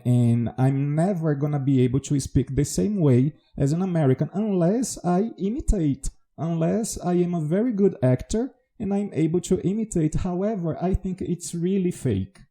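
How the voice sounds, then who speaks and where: A man's voice: fairly high pitch, mellow. A man from Brazil with a Baiano Brazilian Portuguese accent, a native Portuguese speaker, hosting a solo educational podcast in an explanatory, teacherly way. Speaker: podcast host, English teacher.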